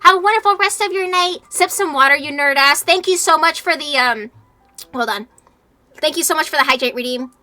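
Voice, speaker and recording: High, bright-voiced exasperated woman streamer. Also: a little fast, faint music behind. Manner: animated, exasperated, swears a lot. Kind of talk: casual livestream chat over a game.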